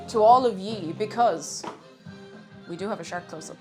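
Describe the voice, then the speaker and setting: A woman chatting bubbly and excitably on a livestream while cooking, now and then breaking into shouted cheers. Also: mid-range voice, normal speed, faint music behind. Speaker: streamer.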